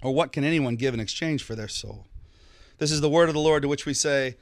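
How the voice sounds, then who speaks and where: A man preaching a sermon as a pastor, conversational and animated, acting out quick bits of dialogue with jokes along the way. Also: medium pitch, no echo, studio quality.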